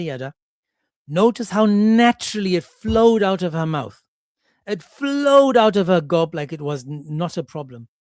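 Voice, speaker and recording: A man talking straight into a dry, close microphone with no room sound. He sits a touch high for a male voice and mocks his subject, slipping into put-on voices for the people he quotes. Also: a little mellow, no room sound. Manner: mocking, sarcastic, acts out quoted voices. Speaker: commentary channel host. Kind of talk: monologue commentary on a clip.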